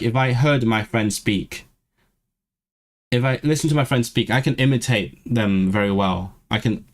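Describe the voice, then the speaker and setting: Male streamer, mid-pitched, faintly posh southern British accent, rambling and self-interrupting. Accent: vaguely southern British. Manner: chatty, stumbling restarts, frequent laughs. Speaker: language-learning streamer. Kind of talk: casual livestream chat. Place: lives in northwest England.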